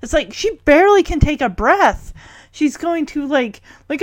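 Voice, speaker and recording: A woman's voice: high voice, animated, unhurried, no echo. A woman chatting casually as she recaps a TV episode, rambling and full of fillers.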